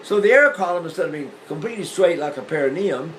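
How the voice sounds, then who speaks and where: An older man teaching singing, explaining breathing with lively demonstrations, often repeating and restarting phrases. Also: a little high, quick pace, slight background noise, poor audio. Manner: animated, illustrating points with sung demonstrations. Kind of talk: demonstrative vocal lesson.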